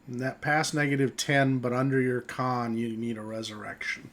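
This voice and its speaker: A man serves as game master for a tabletop role-playing game, narrating scenes and reading rules aloud in a relaxed way. He chuckles often and speaks at a medium pitch and moderate pace.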